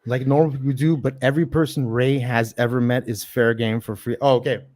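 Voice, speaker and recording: Fairly quick and fairly even in intonation, this man's mid-range, darkish voice carries a casual livestream he hosts as an open mic comic. His chatter is rambling, profane, and heavy on fillers.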